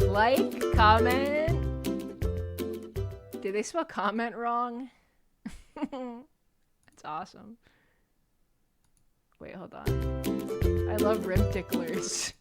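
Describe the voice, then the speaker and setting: A woman's voice: fairly high pitch, lively intonation, very slow, pauses often, music in the background. A young woman streaming as a VTuber, chatting casually and playfully with her chat, laughing often and swearing freely.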